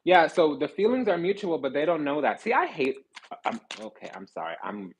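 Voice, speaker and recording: A man's voice: fairly high pitch, very animated, brisk, slight background noise, low-quality recording. A man giving a casual tarot reading, talking bluntly in slang and with swearing, and often stopping to restart his sentences. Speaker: tarot reader.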